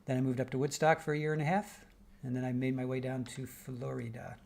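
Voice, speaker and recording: A man's voice: medium pitch, fairly even intonation, fast talker, creaky, darkish tone. An older man from the Midwest hosting a livestream. He reads viewer comments aloud and answers in a chatty, rambling way, often restarting his sentences. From American Midwest. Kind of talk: casual chat while waiting for a trial.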